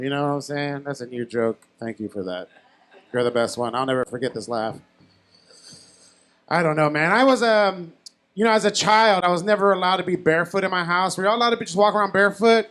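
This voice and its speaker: A young man with a notably high voice works a bar crowd through a handheld mic. His stand-up set is conversational and self-deprecating, and he keeps turning to the audience with questions. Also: fairly bright tone. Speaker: stand-up comic. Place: comedy bar stage. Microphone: handheld stage mic.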